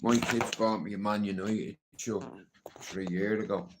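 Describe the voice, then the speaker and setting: A man's voice: lowish voice, fairly even intonation, a little slow, slight background noise. Rambling, swearing man on a livestream. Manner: swears a lot, keeps asking "you know what I mean". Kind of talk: casual livestream rant.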